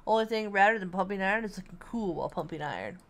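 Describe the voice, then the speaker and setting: A brash, swaggering male wolf who lives for lifting weights, read aloud by a woman. He brags loudly about how rad he is and scoffs at everything else. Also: mid-range voice, animated, quick pace, natural voice. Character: boastful macho male wolf bodybuilder.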